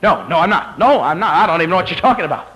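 A man's voice: a little high, big pitch swings, very fast, big-room sound, lo-fi sound. A preacher playing a panicked man denying everything. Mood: panicked denial. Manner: panicked, protesting. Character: frightened grown man denying frantically.

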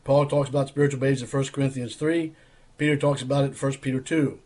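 Husky earnest male prayer host. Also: medium pitch, level tone, quick pace, darkish tone. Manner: earnest, preacherly, quotes hymn lines. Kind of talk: casual sermon.

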